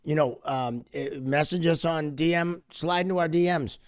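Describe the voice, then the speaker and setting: A man's voice: fairly high pitch, moderate pace, clean tone, no echo, studio quality. A middle-aged man, a hockey official co-hosting a podcast, talking in an easygoing, conversational way and playing devil's advocate. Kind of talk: casual podcast chat.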